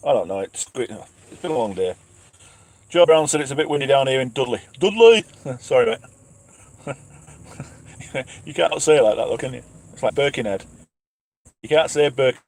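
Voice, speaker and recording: Chatting from his truck cab at night, this English driver and channel host reads out viewers' names and questions, laughing at himself a lot. His mid-range voice is gravelly and darkish, at normal speed, with frequent pauses.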